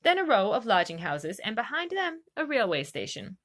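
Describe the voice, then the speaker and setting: Expressive woman reading a storybook aloud. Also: on the high side, normal speed. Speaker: reader. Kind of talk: storybook narration.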